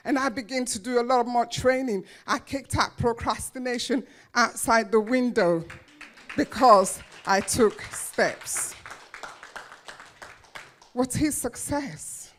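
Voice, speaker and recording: Woman, motivational speaker, slow deliberate delivery, slightly high voice, dramatic storytelling. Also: a bit bright. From grew up in a children's home. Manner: emphatic, dramatic storytelling with pauses and repeated phrases. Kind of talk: motivational speech to an audience.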